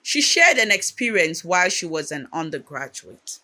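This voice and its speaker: Bright, steady documentary narrator. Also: medium pitch, moderate pace. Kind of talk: scripted narration.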